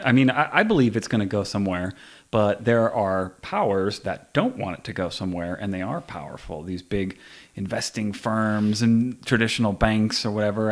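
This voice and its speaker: A man in his forties hosting a podcast, talking in a relaxed way and trailing off softly at the ends of thoughts. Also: on the low side. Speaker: podcast host. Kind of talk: casual conversation.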